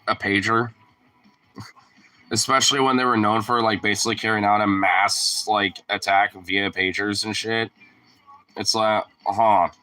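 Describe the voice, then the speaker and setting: A man's voice: on the low side, pushed and bright. A man streaming and chatting casually, rambling with lots of filler words and swearing freely. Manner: rambling and profane, full of "like" fillers. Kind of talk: casual chat.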